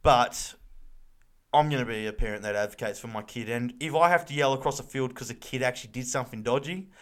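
A man's voice: mid-range voice, fast, a bit bright. Fired-up Australian man chatting. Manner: fired-up, blunt, swears freely. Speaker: podcast co-host. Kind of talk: casual chat.

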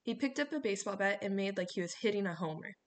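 A woman reading a novel aloud in steady scripted narration. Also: mid-range voice, quick pace. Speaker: audiobook reader.

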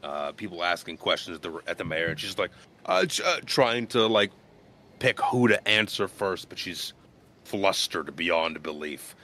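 A man's voice: low-pitched, lively intonation, a little slow, sharp tone. A man narrating a tabletop game as game master in a casual way with many fillers.

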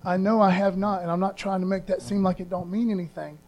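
A man's voice: high-pitched, flat delivery, fast, darkish tone. A man preaching a sermon as pastor in a casual, earnest way, using slang and repeating phrases for emphasis.

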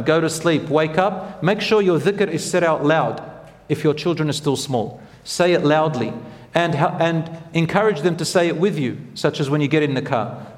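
A man's voice: fairly high pitch, long reverb tail. A man preaching a sermon as a teacher, speaking earnestly and putting direct questions to his listeners.

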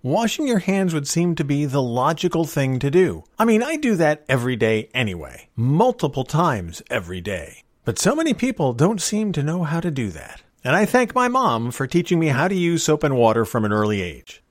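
A man's voice: on the high side, huge pitch swings, normal speed, hardly any pauses, no echo, studio quality. A middle-aged man hosting a solo podcast, talking in a folksy, opinionated and wry way. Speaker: podcast host.

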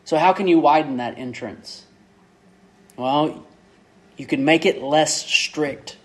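Slow, measured male pastor preaching. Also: a little high. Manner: measured, repeats and stresses key words. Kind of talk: sermon.

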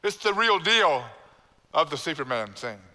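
Bright-voiced preaching pastor in a hall. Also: male voice, on the high side, sing-song, a little slow. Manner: preaching with emphatic repetition and congregation call-and-response. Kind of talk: sermon. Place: church sanctuary. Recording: long church hall reverb.

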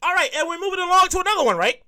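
A woman hosts a comedy podcast in a loose monologue full of profanity and repetition. Her voice sits very high and bright. Her pitch swings widely as she tells her stories. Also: racing. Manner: profane, animated storytelling with repeated phrases. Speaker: comedian host. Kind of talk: stand-up style podcast monologue.

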